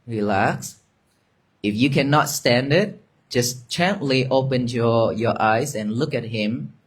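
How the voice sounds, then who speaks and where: Slow, gentle monk guiding meditation. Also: male voice, mid-range voice, husky. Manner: slow, gentle, repetitive guiding cues, soft at times. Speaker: Buddhist monk teaching meditation. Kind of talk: dharma talk with guided meditation. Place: monastery gathering with an audience.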